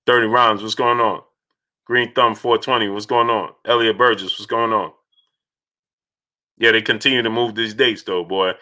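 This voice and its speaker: Male live-stream host, bright forceful tone, repetitive, shouts out viewers by name. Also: lowish voice, fairly even intonation, moderate pace. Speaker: host of a boxing talk stream.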